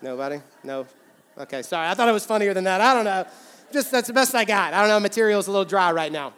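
A man's voice: high-pitched, lively intonation, fast, fairly bright tone, clear, resonant tone, in a large hall. A man, a pastor delivering a sermon in a large church, speaking in a humorous, conversational way and repeating phrases for emphasis.

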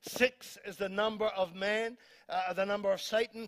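A man's voice: high-pitched, steady tone, normal speed, a bit bright. A man with a New Zealand accent preaching a sermon in church, emphatic, repeating words and reading scripture aloud. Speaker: pastor. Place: church hall.

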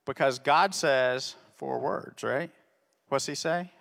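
A man's voice: mid-range voice, takes it slowly, gravelly, a bit bright. A man telling a Bible story to children as a ministry teacher, constantly checking in with "okay?". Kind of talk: Bible story lesson for kids. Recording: long reverb of a hall.

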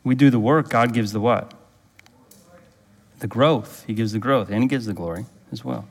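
A man's voice: moderate pace, creaky, in a large hall. A pastor preaching a sermon, emphatic, drawing answers from the congregation and rising to fervent intensity when he prays aloud. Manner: emphatic, asks the congregation to fill in words; rises to fervent, higher-pitched intensity in prayerful passages.

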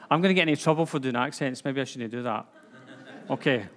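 A man's voice: medium pitch, fast, fairly bright tone. A man with a Scottish accent giving an informal sermon, chatty, with lots of fillers and restarts. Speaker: preacher. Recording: long hall reverb.

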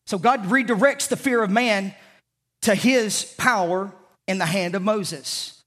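A man from the American South with a Southern accent, preaching an impassioned sermon as pastor to a congregation, swinging from loud declarations to hushed lines. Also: high voice, unhurried. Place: church sanctuary with a congregation.

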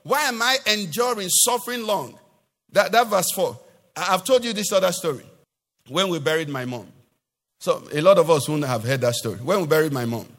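A male pastor delivers an animated sermon and keeps throwing rhetorical questions at his listeners. His voice sits a little high for a man. The sound rings out with the long reverb of a church hall. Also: brisk.

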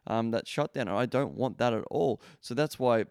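A man hosting a podcast, talking straight to his listeners in a blunt, emphatic coaching tone. He swears freely and peppers his talk with "like." His voice sits at a middle pitch and is recorded close and dry, with no room sound. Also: normal speed, a little mellow, smooth, no echo. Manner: blunt, profane, emphatic, many fillers. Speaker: podcast host. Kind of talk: casual coaching monologue.

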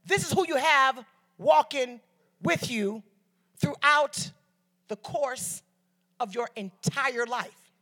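A Detroit woman preaches a sermon as a guest speaker, her fairly bright, high voice moving slowly with long pauses. She draws answers back from the congregation in call-and-response style and weaves in stories along the way.

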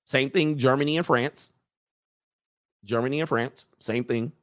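A man hosting a livestream, ranting to his viewers in a casual, animated way and laughing often. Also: mid-range voice, measured pace, dry recording, studio quality. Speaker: livestream host.

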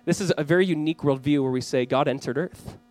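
A man in his thirties preaching a Christmas Eve sermon, earnest, reading scripture slowly and acting out family scenes. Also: on the high side, darkish tone, no room sound, low-quality recording. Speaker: pastor.

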